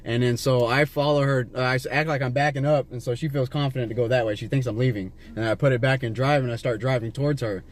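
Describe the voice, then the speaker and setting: A man's voice: mid-range voice, steady tone, fast talker, hardly any pauses, slight background noise. A man from Las Vegas tells a long, winding story from the driver's seat. He talks in a mid-range voice, swears freely and keeps circling back with "you know what I'm saying" and false starts. The sound comes from a handheld camera inside the car. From Las Vegas, USA. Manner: rambling and profane, with many fillers and restarts. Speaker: vlogger filming a street encounter. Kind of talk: casual rambling storytelling to a stranger.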